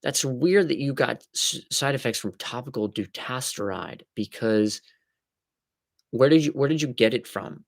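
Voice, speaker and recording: A man's voice: medium pitch, expressive, moderate pace, vocal fry, dry recording, studio quality. A man hosting a casual live stream, chatty and joking as he answers viewers by name.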